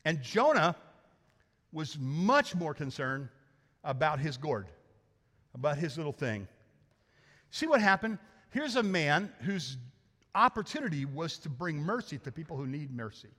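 A man's voice: on the high side, sing-song, unhurried, long pauses, a bit bright. A man preaching a sermon as lead pastor in a church, talking in a conversational, joking way and asking the congregation rhetorical questions. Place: church sanctuary. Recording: long church reverb.

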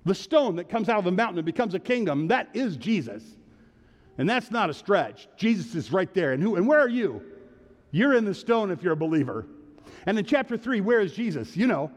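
A male pastor preaching a sermon, animated, calling out to the congregation and urging it to answer back. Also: sits high, brisk, long reverb tail.

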